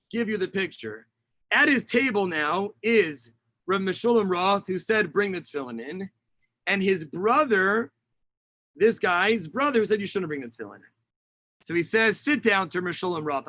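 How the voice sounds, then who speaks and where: A rabbi teaches over a video call, his high voice carrying the story along with lively energy. His tone is bright and forward, and the sound is dry and close, with no room around it. He mixes Hebrew and Yiddish terms into his telling. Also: moderate pace, no room sound. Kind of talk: teaching a lesson with a retold story.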